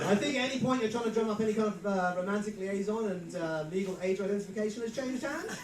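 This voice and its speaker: A man's voice: high voice, fast talker. An English man in his thirties hosting a live stand-up comedy show, telling dry, self-mocking stories and laughing as he goes. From England. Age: 30s. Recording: roomy live venue mic from a distance. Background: audience crowd reactions.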